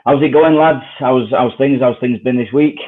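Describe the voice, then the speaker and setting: A man's voice: medium pitch, normal speed. A man from England hosting a casual betting chat, friendly and repetitive. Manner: friendly, repeats himself. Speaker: host. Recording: tinny phone-like audio.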